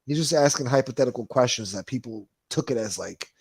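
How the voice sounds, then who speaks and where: A man's voice: medium pitch, animated, fast talker, few pauses, husky, dry recording. A man hosting a casual livestream, reading viewer comments and ranting in a profane, sarcastic way. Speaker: livestream host.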